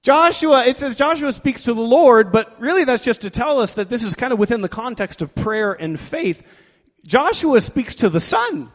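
Guy preaching a sermon, kinda high voice, lively storytelling, big echoey hall. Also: moderate pace. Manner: animated storytelling, acting out quoted voices. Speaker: pastor. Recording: long hall reverb.

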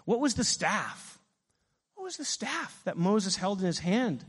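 High-voiced pastor preaching. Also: male voice, measured pace, breathy edge, in a large hall. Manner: animated preaching, asks the congregation questions. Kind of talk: sermon.

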